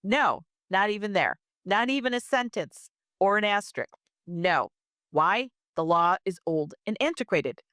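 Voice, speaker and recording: A middle-aged woman hosting a podcast, giving punchy, emphatic straight talk with lively pitch swings into a close mic. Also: unhurried, smooth, no echo. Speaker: podcast host, immigration lawyer. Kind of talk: direct podcast monologue.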